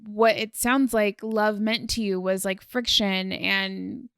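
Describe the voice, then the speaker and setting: A woman's voice: mid-range voice, flat delivery, slow pace, clean tone, no echo, clean studio sound. A woman hosting a podcast in casual conversation, telling personal stories with fillers and the odd swear. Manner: warm-toned storytelling, casual with fillers and swearing. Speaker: podcast host.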